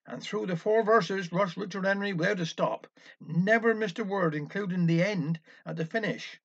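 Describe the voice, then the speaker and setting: A man's voice: high-pitched, moderate pace, fairly bright tone. A man with a Cornish accent telling a wry village dialect story. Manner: wry, anecdotal. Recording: dull lo-fi recording.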